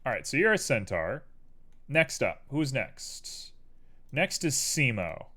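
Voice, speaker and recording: A man's voice: medium pitch, very animated, slow pace, bright, forceful tone. A man casually chatting on a live stream while he works, playful and talking to himself and his chat. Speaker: livestreamer and 3D artist.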